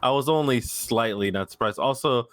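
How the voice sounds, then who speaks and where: A man hosting a gaming podcast in casual chat, relaxed and swearing freely. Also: medium pitch, moderate pace, dry recording. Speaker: podcast host.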